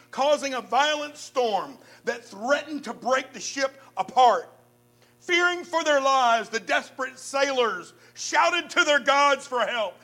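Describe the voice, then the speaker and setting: A man preaching a sermon, reading scripture dramatically with loud swells and sudden soft drops, then speaking directly to his listeners. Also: very high-pitched. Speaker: pastor.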